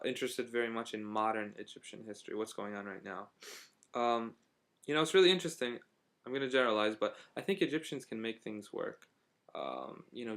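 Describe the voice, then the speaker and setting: A man's voice: medium pitch, fairly bright tone. A young man from Syria telling a casual spoken travel diary, rambling and hesitant, with frequent fillers and restarts. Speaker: vlogger.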